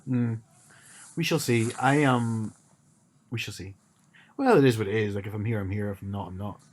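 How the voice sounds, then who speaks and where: A man's voice: lowish voice, moderate pace. A man co-hosting a podcast in casual chat, rambling with frequent restarts and a wry tone. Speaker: podcast co-host.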